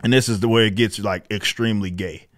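A man's voice: fairly low pitch, fairly even intonation, fast. Blunt, profane male comic commentator. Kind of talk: casual video commentary.

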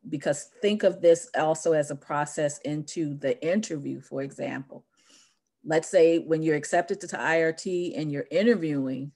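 A woman's voice: deep voice, a little mellow. A woman presenting in a webinar, explaining an application process thoughtfully and with many fillers.

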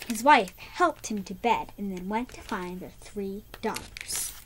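A young woman reading a picture book aloud, with animated, expressive storytelling. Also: mid-range voice, unhurried, background noise.

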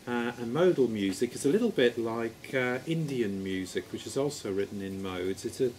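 A man's voice: medium pitch, normal speed, darkish tone, slight background noise. A man, a folk musician, chatting in a friendly way about the music he plays and prompting his bandmate along. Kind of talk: casual conversation about music.

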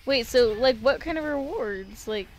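A woman's voice: high-pitched, expressive, normal speed, a little hiss or hum. A woman chatting with a friend, curious and talkative, filling her speech with "like", feeling cold. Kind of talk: casual chat.

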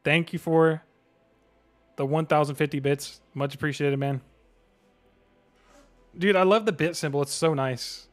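A young man streaming a game live, chatting to viewers in slang and bursting into excited yells. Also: on the high side, a little slow, long pauses.

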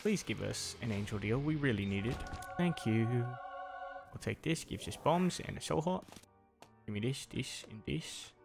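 A man's voice: medium pitch, expressive, unhurried, creaky. A young man giving casual commentary while he plays a video game, chatting and talking to the enemies on screen. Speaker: gaming video creator. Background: faint game music.

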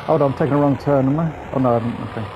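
A man's voice: mid-range voice, fairly even intonation, very fast, highs cut off. A man hosting a gaming channel, giving chatty, profane, grumbling let's-play commentary. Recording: game engine noise behind voice.

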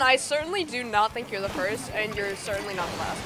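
A woman giving gameplay commentary, excitable and playful, bursting into mock-angry outbursts. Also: mid-range voice, brisk, noisy background. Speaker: gamer. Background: game music.

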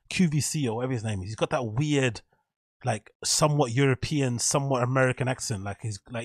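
A man talks over a clip in loose, sarcastic commentary, swearing often and wandering between thoughts. His voice sits at an ordinary middle pitch. The sound is close and dry, with no room around it. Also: breathy edge, no echo. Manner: swears freely, rambling and joking. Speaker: reaction video host. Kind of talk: casual reaction commentary.

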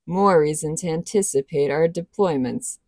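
A woman's voice: low voice, moderate pace, darkish tone, dry recording, studio quality. A woman voicing a mocking, predatory male wolf-soldier leader. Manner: sneering, mocking.

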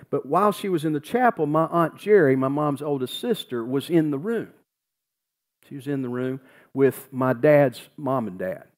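A man's voice: mid-range voice, darkish tone. A man, a pastor preaching a sermon and telling a family story in a folksy, earnest way. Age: 60s.

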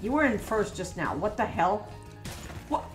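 A woman's voice: mid-range voice, animated, moderate pace. A woman co-hosting a casual gaming livestream, teasing her partner and bursting into laughter. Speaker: co-streamer, host. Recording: echoey room with game music. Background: game music.

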